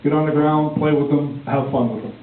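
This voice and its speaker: A man's voice: a little high, fairly quick, reverberant, distant mic, phone-quality sound, very noisy. An older man doing first-time storytelling stand-up, rambling fondly with chuckles and many "um, anyway" fillers. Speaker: amateur stand-up comedian.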